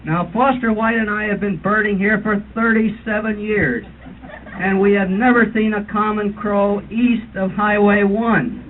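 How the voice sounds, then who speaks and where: Casting: man playing a fussy older birding guide, high voice, tinny lo-fi 1970s tape with a faint hiss. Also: fairly even intonation, a little slow. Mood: lecturing. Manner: mock-authoritative lecturing, imitates bird calls. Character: fussy older male birding tour leader. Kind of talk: comic impression at a roast dinner.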